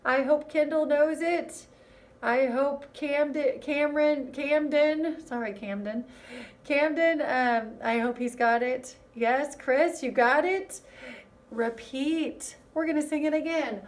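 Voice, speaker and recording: A woman teaching a music lesson to young children, in a gentle, encouraging way that speaks straight to them. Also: high voice, takes it slowly, recorded from a distance.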